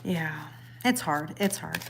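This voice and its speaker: A woman's voice: low-pitched, expressive, takes it slowly, gravelly, a little hiss or hum. A middle-aged woman hosting a casual livestream, chatting to viewers and reading their comments aloud, laughing often and repeating her phrases. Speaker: tarot reader livestream host.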